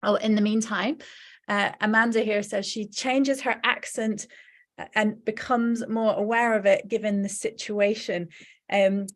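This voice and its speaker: A woman's voice: medium pitch, steady tone, a little slow. A woman with an English Midlands accent hosting a live online event, chatting and reading out audience comments with frequent laughs. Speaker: host.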